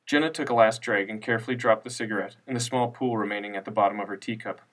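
A man narrating a scripted story in a steady, unhurried reading voice. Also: lowish voice. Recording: distant mic with faint music.

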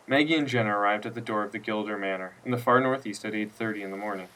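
A man narrating a scripted story in a steady, unhurried reading voice. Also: fairly low pitch. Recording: distant mic with faint music.

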